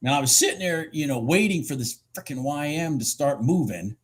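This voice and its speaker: A husky-voiced man talks through his trades live from his desk, his pitch swinging widely as he gets excited. He swears casually and mutters to himself between remarks to viewers. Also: brisk. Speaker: futures trader streaming live. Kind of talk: live trading commentary.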